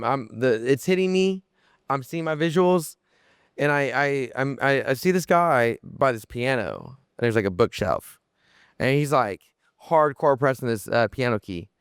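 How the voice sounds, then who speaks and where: Young male podcast guest, smooth clear voice, mid pitch, animated rambling storyteller. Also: no echo, clean studio sound. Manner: animated, lots of fillers and restarts, swears freely. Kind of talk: casual storytelling.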